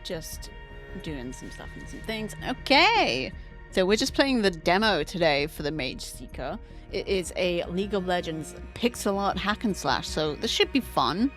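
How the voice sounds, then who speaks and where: A woman chats with her stream audience from a home setup, candid and casual. Her voice swings up and down with lively energy, and soft music plays faintly underneath. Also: on the low side, normal speed. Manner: chatty and candid, greets chat by name, swears casually. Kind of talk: casual livestream chat while setting up a game.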